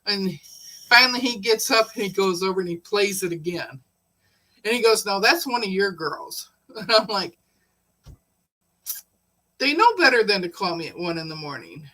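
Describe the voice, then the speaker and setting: A woman's voice: mid-range voice, lively intonation, moderate pace, long pauses, pushed and bright, low-quality recording. A woman hosting a casual live stream, chatting and telling a personal story, laughing often. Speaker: livestream host.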